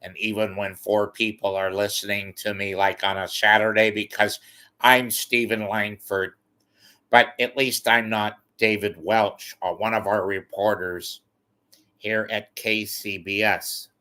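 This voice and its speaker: A man impersonating a smug male radio sports reporter who talks slowly and with self-satisfaction. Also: lowish voice, level tone, pushed and bright.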